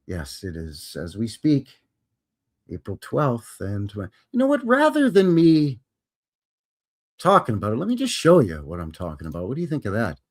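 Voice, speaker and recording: Folksy, lively-voiced man hosting a live stream. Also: medium pitch, moderate pace. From Canada. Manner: chatty, greeting viewers by name, folksy. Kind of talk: casual live-stream chat.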